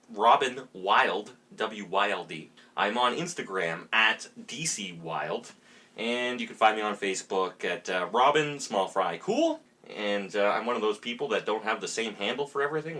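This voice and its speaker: A man co-hosting a podcast, full of agreeable banter. His pitch swings widely and his tone is bright and forceful. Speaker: podcast co-host. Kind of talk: casual podcast chat.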